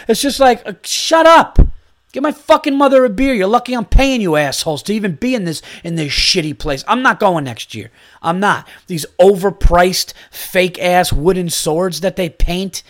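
A man in his thirties hosting a podcast, telling a casual story with an exasperated, mocking rant full of swearing. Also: fairly high pitch. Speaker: podcast host.

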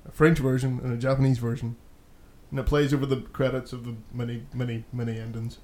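A man's voice: mid-range voice, flat delivery, fast talker, warm tone. A man co-hosting a podcast in easygoing casual chat. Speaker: podcast co-host.

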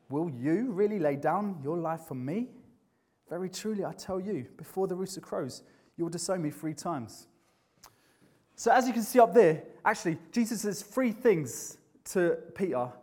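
A man's voice: high-pitched, moderate pace, a little mellow. A man preaching a sermon in a conversational, earnest way, often restarting his sentences.

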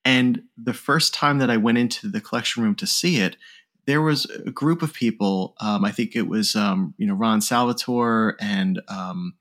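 A man with a slightly low voice hosts a podcast interview. He speaks in a measured, appreciative manner, pausing on the odd um. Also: fairly bright tone. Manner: measured and appreciative, with some ums. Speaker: podcast host. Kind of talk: interview conversation.

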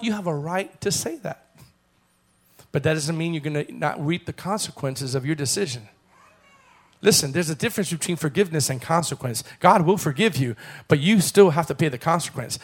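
A man preaching a sermon as pastor, calling on the congregation to repeat phrases and building to loud, fervent passages. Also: fairly high pitch. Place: church.

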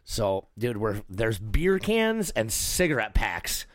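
Animated young man telling a story. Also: on the low side, takes it slowly, no room sound, clean studio sound. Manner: animated, swears a lot, acts out voices while telling stories. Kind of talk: casual storytelling.

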